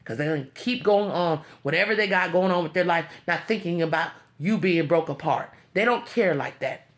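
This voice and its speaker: A woman's voice: fairly low pitch, moderate pace. A woman speaking to her viewers in an emotional, heartfelt motivational talk, pleading and repeating herself, close to tears. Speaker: vlogger.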